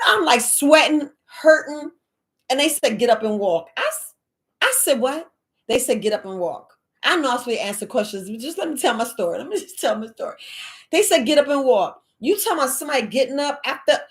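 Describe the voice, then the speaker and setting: A woman, hosting a live Q&A and telling a personal story in a casual, dramatic way. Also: fairly high pitch. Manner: animated, dramatic, exclaiming quoted reactions. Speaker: live Q&A host.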